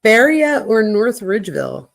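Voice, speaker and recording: A woman's voice: a little high, big pitch swings, normal speed, gravelly, voice pushed up. Casual young boyfriend's texts, read by a woman, plain offhand delivery. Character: casual young man texting his girlfriend.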